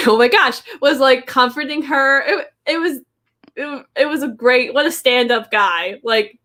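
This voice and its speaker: Bright chatty woman gossiping. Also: high voice, a little slow. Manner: gushing, laughs often, fillers of "like". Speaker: podcast co-host. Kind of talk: casual chat.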